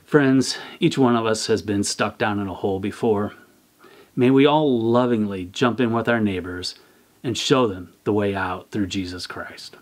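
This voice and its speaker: Measured low-voiced man reading a devotional. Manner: measured and earnest. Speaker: church communications director. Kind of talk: scripted devotional.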